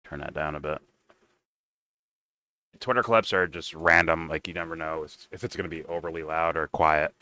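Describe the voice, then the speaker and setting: A man's voice: very deep voice, steady tone, normal speed, long pauses, pushed and bright, a little hiss or hum, rough recording. A man giving heated, profane commentary while reacting to political clips.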